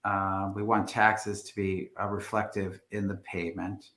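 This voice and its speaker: A man's voice: fairly low pitch, flat delivery, a little slow, fairly bright tone, echoey room. A man, a real estate agent, talking through the housing market on a live stream, hesitant with many fillers and restarts.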